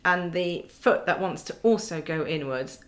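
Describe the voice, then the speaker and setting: A woman's voice: fairly low pitch, unhurried. Wry woman laughing through her story. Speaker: podcast guest. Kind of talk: casual chat.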